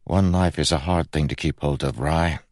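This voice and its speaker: A man's voice: extremely low pitch, steady tone, normal speed, a little mellow, no echo, clean studio sound. A man voicing a stern, proud young magician in his twenties, blunt and exasperated.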